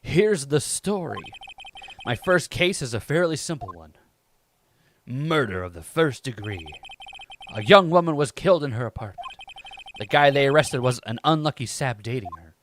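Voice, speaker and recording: A man's voice: medium pitch, lively intonation, moderate pace, a bit bright, a little hiss or hum, pitched below the performer's own voice, close to an everyday voice. A man voicing an earnest young rookie defense lawyer, narrating his first case matter-of-factly. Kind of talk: game narration read aloud.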